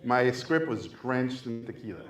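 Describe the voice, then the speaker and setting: A man, a filmmaker guest at a screening Q&A, telling a lively anecdote and acting out quotes with big jumps in pitch and loudness. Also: measured pace. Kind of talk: animated storytelling anecdote. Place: festival screening venue, live audience. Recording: echoey venue, distant mic.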